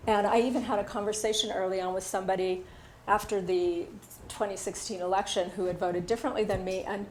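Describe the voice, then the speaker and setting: An older woman in her sixties teaches a workshop in a casual, unguarded way. Her voice sits at a middle pitch as she shares personal stories, pausing often on small fillers. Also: steady tone, darkish tone, a little hiss or hum. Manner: candid, personal storytelling with fillers. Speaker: workshop instructor.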